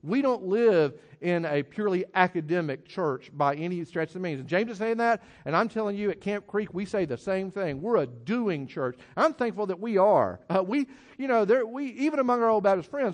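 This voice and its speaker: A man's voice: high voice, lively intonation, brisk. A middle-aged man preaching a sermon as pastor, conversational, with frequent laughs and restarts.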